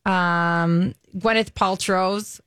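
Bright-voiced woman co-hosting a chat show. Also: lowish voice, steady tone, very slow, clean tone, no echo. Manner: chatty, playful, reads out light news. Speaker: radio show co-host. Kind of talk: casual morning show banter.

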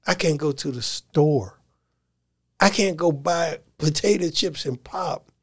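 A man voicing a famous quarterback who sounds anxious and fed up, quoted in a low, muted way. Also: slow pace, breathy edge.

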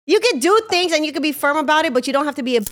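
A woman co-hosting a podcast as producer, chatting casually and telling her side in an animated, candid way. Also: sits high, rapid-fire. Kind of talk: casual chat.

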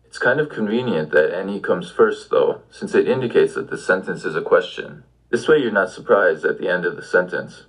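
A man's voice: low-pitched, animated, brisk, hardly any pauses, husky, poor audio. A man giving an audio language lesson, patiently prompting the listener with questions. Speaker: language teacher.

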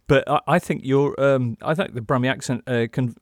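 Brief: wry male football podcast host, mid pitch, dry close mic. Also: steady tone, moderate pace, no room sound. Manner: wry, theatrical phrasing. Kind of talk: casual football podcast chat.

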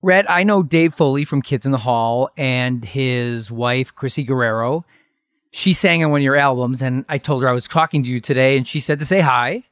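A man's voice: mid-range voice, normal speed, fairly bright tone, clear, resonant tone, no room sound. Podcast host: middle-aged man, mid-range voice, chatty storyteller, dry close mic. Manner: chatty, trades stories with his guest. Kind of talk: casual interview chat.

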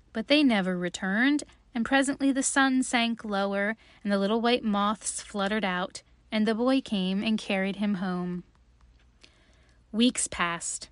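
A woman reading a children's story aloud in a gentle, unhurried way. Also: a little high, dry recording.

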